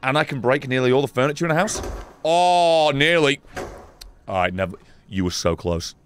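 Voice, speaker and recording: A man giving excitable, profane, laugh-filled commentary while playing a video game. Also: mid-range voice, normal speed, a little hiss or hum. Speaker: gaming YouTuber. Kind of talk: let's play commentary.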